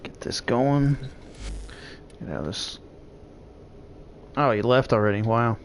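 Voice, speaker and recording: A man's voice: mid-range voice, slow pace, slight background noise. A middle-aged man chatting casually while playing a game, rambling and swearing freely with frequent laughs. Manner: rambling, profane, laughs often. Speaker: gaming vlogger. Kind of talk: casual gameplay chat.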